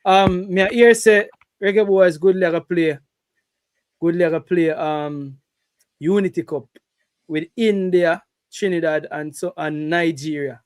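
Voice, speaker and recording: A man's voice: a little high, unhurried, smooth, no room sound, clean studio sound. A man with a Jamaican accent in casual football chat, often laughing and repeating what others said. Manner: laughing, repeats lines, excitable.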